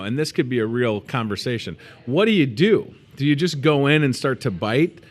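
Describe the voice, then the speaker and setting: A man in his thirties hosts a local store show in a relaxed, joking way, talking up food deals as he tastes them. His voice sits in a plain middle register, and he slips easily into playful asides. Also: medium pitch. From moved to Iowa as a student. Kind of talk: casual promotional chat.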